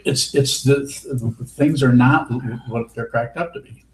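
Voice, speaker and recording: In a roomy hall with faint hiss, a man with a mid-range voice talks a little slowly. He is a Buddhist teacher giving a dharma talk and responding to questions with blunt, wry teasing.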